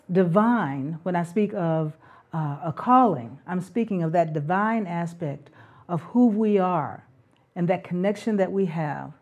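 Hosting a talk on parenting, a middle-aged woman speaks earnestly, reflectively, and spiritually, letting out a soft laugh now and then. Her pitch is medium.

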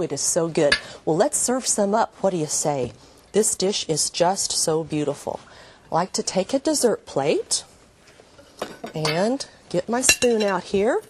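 A woman's voice: medium pitch, a little mellow, a little hiss or hum. Older woman, cooking show host, homey and gushing, kitchen demo. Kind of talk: TV cooking demonstration. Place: kitchen set.

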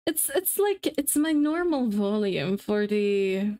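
A woman's voice: mid-range voice, lively intonation, slow, warm tone. A woman live-streaming to her viewers in casual chat, rambling and giggling, restarting her sentences as she fiddles with settings.

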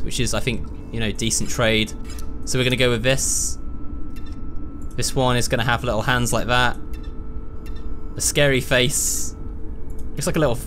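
A man's voice: medium pitch, a bit bright. A British man giving casual let's-play commentary, chatting himself through each move. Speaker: gaming YouTuber.

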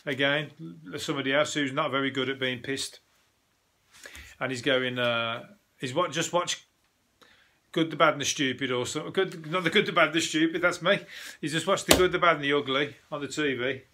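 Rambling, swearing comedian. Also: male voice, on the high side, brisk, pushed and bright. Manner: rambling, swearing, frequent restarts and self-corrections. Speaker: comedian hosting a news review show. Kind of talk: casual comic monologue.

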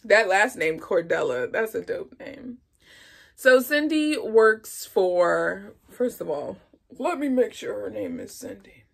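A woman's voice: mid-range voice, slow pace, creaky, husky. Playful woman reviewer from Philadelphia. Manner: playful and expressive. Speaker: movie reviewer. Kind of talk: casual video review.

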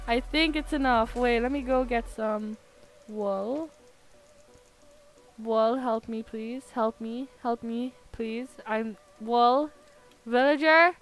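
A woman streaming a game from home, chatty and giggly, sounding tired with her voice going hoarse. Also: high-pitched, fairly even intonation, slow pace, soft background music. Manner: chatty, giggly, self-mocking. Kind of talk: casual live gaming commentary.

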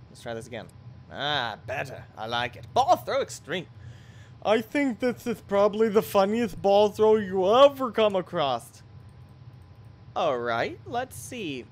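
Young male let's player, lively and loud in his reactions, fairly high voice. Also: a little hiss or hum. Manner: loud, jumpy reactions with shouts and laughs. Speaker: gameplay commentator. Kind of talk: excitable let's play commentary.

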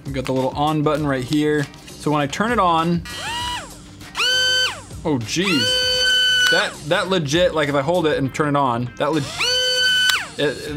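A young man hosting a casual comedy vlog, reviewing products in a goofy, excitable, jokey way. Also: fairly high pitch. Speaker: host.

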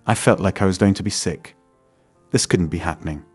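A man narrating a first-person story in a steady, scripted way. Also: deep voice, brisk, husky, dry recording, soft background music.

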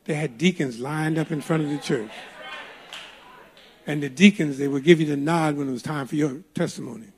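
A man's voice: a little high, brisk, a little mellow. An older man preaching a sermon in a church, telling a folksy story with emphatic, playful delivery. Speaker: pastor. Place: church sanctuary.

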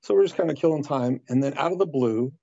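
A man telling a story as a podcast guest, in a lively way that acts out the other people's lines. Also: a little high, fast, creaky, dry recording. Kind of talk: casual anecdote. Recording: dull lo-fi dry recording.

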